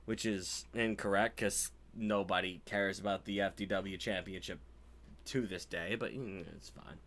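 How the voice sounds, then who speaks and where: A man's voice: fairly low pitch, sing-song, slow, pauses often, bright, forceful tone. A man giving casual, profane and sarcastic commentary on a wrestling show, sounding exasperated.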